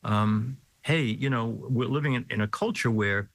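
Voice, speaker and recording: A man's voice: medium pitch, moderate pace, no room sound, low-quality recording. A middle-aged man hosting an interview, asking questions in a chatty, conversational way. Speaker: host.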